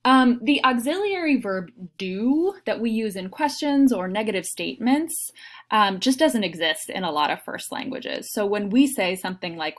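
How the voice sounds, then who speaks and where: A woman instructor talks through a recorded lesson in an explanatory way, pausing often on ums. Her voice sits at an ordinary middle pitch for a woman, and she models sample learner sentences as she goes. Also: expressive. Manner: explanatory, many ums, demonstrates learner errors. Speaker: teacher trainer. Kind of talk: recorded lecture.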